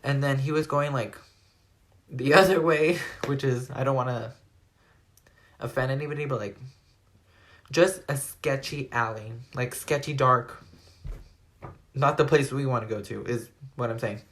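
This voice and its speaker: A man's voice: mid-range voice, unhurried, long pauses, slight background noise. Rambling teenage guy telling a story. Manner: rambling, animated retelling full of "like". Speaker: vlogger. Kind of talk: storytime retelling.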